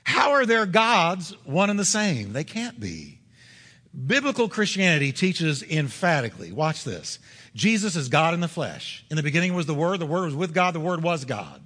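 A man preaching a sermon as pastor, driving points home with repetition and slowing down on key words. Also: fairly high pitch, sing-song, fairly bright tone, long reverb tail.

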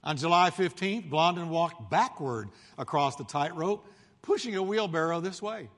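A male pastor preaches in a lively storytelling style, jumping into the voices of the people in his story. His voice sits a bit high for a man. The sound rings with the long reverb of a big hall. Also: normal speed. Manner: animated storytelling, acting out crowd voices. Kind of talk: sermon.

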